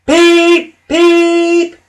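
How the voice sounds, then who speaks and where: A man's voice: measured pace, husky, full character voice. Thomas the Tank Engine, as a man puts him on. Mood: tooting. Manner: shrill excited shouts. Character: cheeky boastful young male tank engine.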